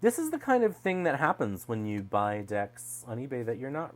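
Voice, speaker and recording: A man's voice: medium pitch, sing-song, moderate pace. A man casually chatting through a deck unboxing, wry and digressive, often trailing off mid-thought. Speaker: tarot deck reviewer. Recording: mains hum underneath.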